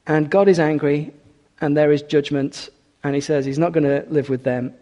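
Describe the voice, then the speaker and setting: A man preaching a sermon, expressive, rising for emphasis and dropping quiet for scripture. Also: on the high side, normal speed, big-room sound.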